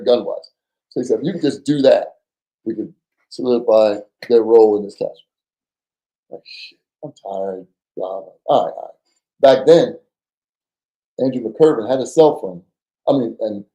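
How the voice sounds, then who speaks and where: A man telling a story as a podcast guest, animated and acting out the voices of people in it, often stammering and repeating words. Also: mid-range voice, reverberant, poor audio. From New Jersey. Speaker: podcast guest, former undercover FBI agent. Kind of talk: casual storytelling.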